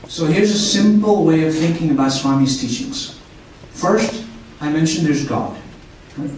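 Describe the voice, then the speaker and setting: Mellow-voiced man in an echoey hall. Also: fairly high pitch, lively intonation, a little slow, far from the mic, slight background noise. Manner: checks in with listeners. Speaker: speaker at a spiritual center. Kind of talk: storytelling spiritual talk. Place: meeting hall of a spiritual center.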